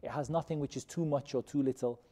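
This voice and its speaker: A man teaching a Quran commentary class, who questions his students and repeats key terms slowly. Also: medium pitch, mellow. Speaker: religious teacher. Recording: long reverb of a hall.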